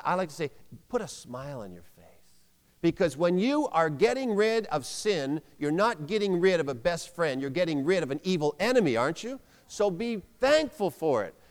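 A man's voice: high-pitched, big-room sound. A man preaching a sermon, emphatic, having the congregation repeat phrases aloud.

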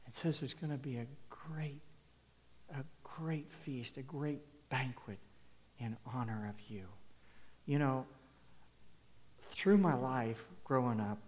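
A male preacher delivers a sermon at an unhurried, deliberate pace. He is emphatic, rising to loud declarations and dropping to hushed asides. His voice rings with the long reverb of a church hall. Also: medium pitch.

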